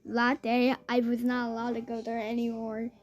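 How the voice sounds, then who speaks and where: A woman's voice: a little high, completely flat delivery, normal speed. A woman telling a rambling personal story in a chatty way, with fillers and restarts.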